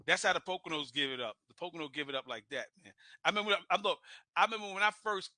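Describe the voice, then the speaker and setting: Loud laughing new guy telling a wild story, high bright voice, dry sound. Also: expressive, rapid-fire, no echo. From Brooklyn. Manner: loud, laughing, acts out voices, swears freely. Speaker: guest storyteller. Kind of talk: animated storytelling.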